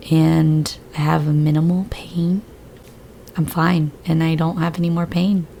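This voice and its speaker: Woman, gaming creator, hoarse and deep with a gravelly edge, loose rambling commentary. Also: flat delivery, measured pace, mellow, slight background noise. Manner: rambling, chatty, a bit scattered. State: hoarse after surgery, voice lower than usual. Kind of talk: casual gameplay commentary.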